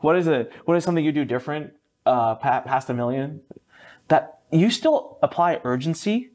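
A man in his thirties, an entrepreneur guest in a podcast interview, telling his story with animated energy and a casual, sometimes swearing manner. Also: moderate pace. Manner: lively, swings up high for quoted voices, mild swearing.

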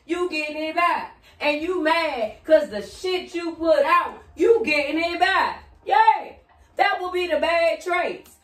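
High-voiced woman giving a roomy tarot reading. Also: takes it slowly. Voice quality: expressive, blunt and profane, bursts into sing-song chants. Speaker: tarot reader. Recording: roomy echo, set back from the mic.

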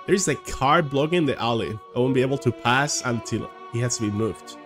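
A man's voice: medium pitch, normal speed, few pauses, a bit bright, faint music behind. A man streaming a game, chatting casually and reading the on-screen text aloud. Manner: chatty, reacts aloud, mumbles asides.

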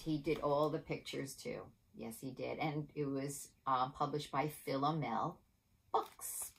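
A woman hosting a children's storytime, reading a picture book aloud in an animated, coaxing sing-song way. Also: low voice, gravelly.

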